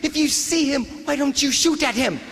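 A man's voice: very high voice, moderate pace, gravelly, noisy background, voice pushed up. A man voicing a male army sergeant giving curt orders, in a big reverberant room. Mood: curt commanding. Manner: curt, commanding.

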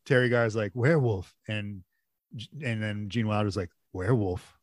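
A man's voice: lowish voice, fairly even intonation, normal speed, no room sound, studio quality. A man co-hosting a podcast in casual chat, enthusiastic and profane, often ending lines with "man". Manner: enthusiastic, swears, says man a lot. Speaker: podcast co-host.

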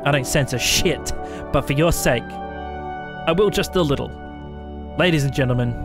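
A man with an Australian accent, streaming a game and throwing out brash, profane trash talk. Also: fairly high pitch. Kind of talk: gaming stream commentary.

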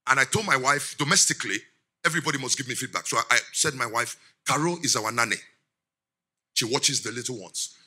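A middle-aged man, giving a lively sermon as guest speaker, laughing often and quizzing the congregation. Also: medium pitch, fairly quick, slightly rough.

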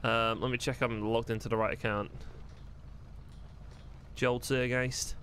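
A man talking casually to his stream audience while he plays, thinking aloud and laughing at his own mistakes. His voice has a mid-range pitch, with a light bed of noise underneath. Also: flat delivery, measured pace, a bit bright. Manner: chatty, self-deprecating, thinking aloud. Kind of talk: casual commentary while playing.

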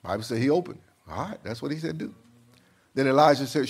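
A man's voice: medium pitch, big pitch swings, quick pace, a little mellow, breathy edge. A man preaching a sermon as pastor, acting out a king's confused voice and talking back and forth with his congregation.

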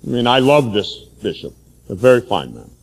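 A man, a Catholic priest, preaching a sermon forcefully, telling stories from his own life. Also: mid-range voice, very animated, a little fast, in a large hall.

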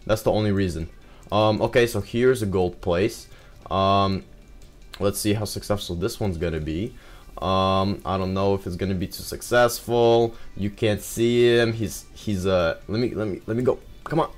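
A young man giving excitable live commentary over his own gameplay, full of exclamations and fillers. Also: fairly low pitch, moderate pace, soft background music.

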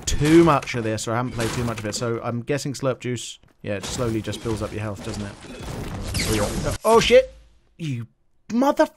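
A man doing jokey game commentary, talking to himself with sudden excited yelps. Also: medium pitch, fast, hardly any pauses, noisy background. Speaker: gaming channel host.

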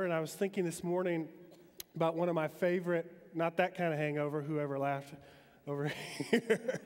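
A man from Metro Detroit delivers a relaxed, conversational chapel sermon, loose with his ums. His voice sits slightly higher than most men's. A long reverb from the big chapel hall trails behind him. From Metro Detroit, Michigan, US. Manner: relaxed, chatty, frequent ums. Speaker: guest chapel speaker. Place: university chapel auditorium.

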